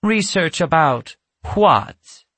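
A man voicing a stern, suspicious female witch in a storybook reading, speaking slowly and with menace. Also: a little high, expressive, a bit bright, no room sound, voice pushed up, exaggerated voice. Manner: menacing, slow and drawn-out.

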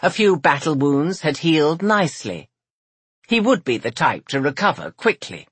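A woman narrating a romance audiobook with a measured, expressive reading. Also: low voice, breathy edge, dry recording.

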